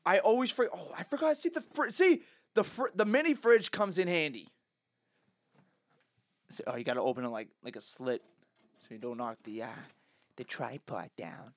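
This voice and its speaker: A man's voice: on the high side, moderate pace, pauses often, no echo. A young man co-hosting a casual podcast, laughing often and stumbling over his words. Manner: animated, laughs often, stammers. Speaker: podcast co-host. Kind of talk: casual chat.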